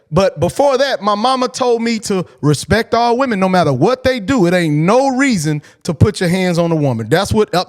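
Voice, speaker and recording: High-voiced man telling a blunt story. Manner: profane, blunt and animated. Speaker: podcast host. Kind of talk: casual storytelling.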